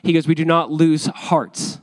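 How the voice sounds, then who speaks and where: A man in his thirties preaching a sermon as pastor, conversational and animated, with repeated phrases. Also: fairly high pitch, a little slow.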